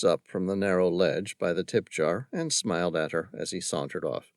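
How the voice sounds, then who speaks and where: A male audiobook narrator reading a thriller novel in a measured, dramatic storytelling manner. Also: low-pitched, no echo, studio quality. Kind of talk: scripted narration.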